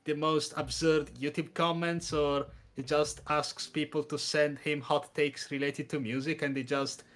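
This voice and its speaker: A man with an Italian accent, a podcast guest chatting casually and telling his story with expressive energy. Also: a little high, measured pace. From Italy. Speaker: podcast guest, content creator.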